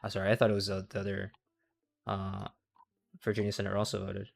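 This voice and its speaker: Fast and monotone, this young man's fairly low, gravelly voice carries his rambling political stream. He curses without restraint and often breaks off his own sentences partway through.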